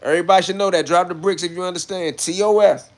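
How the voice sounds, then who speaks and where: A man chatting casually on a livestream and answering viewer comments. He is brash and swears, moving between low muttering and loud outbursts. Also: fairly even intonation, quick pace. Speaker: livestreamer reading chat comments.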